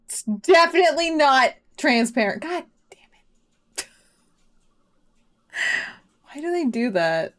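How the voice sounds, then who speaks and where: Her voice high and fairly bright with big pitch swings, a woman offers casual live commentary while playing a game, talking slowly and pausing often. She's chatty, pokes fun at herself, and laughs a lot.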